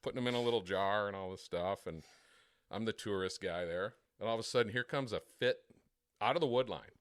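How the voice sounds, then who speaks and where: Man, very low voice, profane casual storytelling, podcast host, dead dry sound. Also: fairly quick, smooth, no room sound. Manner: crude, profane storytelling with lively imitations.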